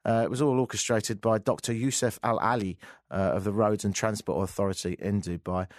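A man's voice: on the low side, steady tone, a little fast, no echo, clean studio sound. A man hosting a radio show, chatting wryly through the news with muttered asides. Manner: wry, rambling, mutters asides. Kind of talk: casual news chat.

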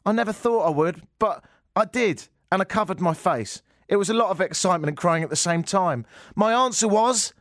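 A man voicing a gushing young newly engaged woman in a raised, excited voice. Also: high-pitched, normal speed, no room sound, studio quality, voice pushed up.

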